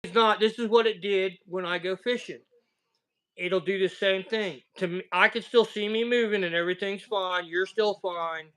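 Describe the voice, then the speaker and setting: A man's voice: high voice, steady tone, moderate pace, fairly bright tone, clean tone. A man with a Southern American accent hosting a casual livestream chat, telling rambling, folksy stories over a video call. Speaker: livestream host.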